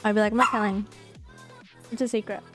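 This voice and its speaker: A woman's voice: medium pitch, fairly even intonation, quick pace, music in the background. A young woman with an Australian accent, chatting casually and animatedly while gaming, giggling often and swearing freely. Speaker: streamer.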